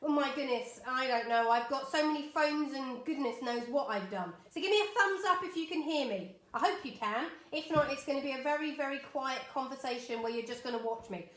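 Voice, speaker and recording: A woman's voice: sits high, brisk, few pauses, roomy sound. A middle-aged woman teaching a live-streamed step-by-step drawing lesson, chatty and encouraging, greeting viewers by name. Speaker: art teacher. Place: home art studio.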